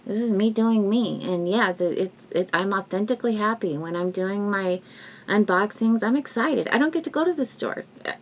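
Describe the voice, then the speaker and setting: A woman vlogger talking casually and emotionally to her viewers at home, rambling with restarts and soft laughs. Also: mid-range voice, expressive, moderate pace. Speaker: YouTube vlogger. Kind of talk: casual heartfelt talk to viewers.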